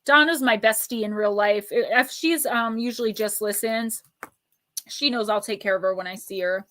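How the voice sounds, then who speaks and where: A woman hosting a live stream, chatting warmly with viewers and giving oracle card readings, slowing into a soothing cadence when she reads a card's message. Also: medium pitch. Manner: chatty and affectionate, reads cards aloud in a slow soothing cadence.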